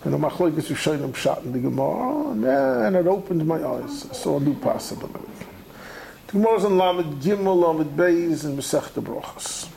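A man's voice: fairly high pitch, normal speed, gravelly, rough recording. A man giving a Talmud study lecture, talking animatedly and conversationally as the teacher. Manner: animated, conversational, acts out the texts he quotes.

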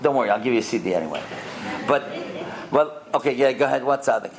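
A man teaching a lesson to boys and adults, telling stories with lively acted-out quotes and asking the listeners questions. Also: mid-range voice, fast talker, crowd noise. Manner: lively, acts out the quoted characters, quizzes the listeners. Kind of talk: animated storytelling lesson with questions to the audience.

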